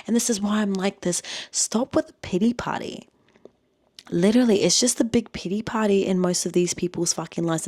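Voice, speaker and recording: Blunt, profane woman ranting. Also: darkish tone. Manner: mocks whiny voices in a high pitch. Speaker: vlogger. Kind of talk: ranting monologue to camera.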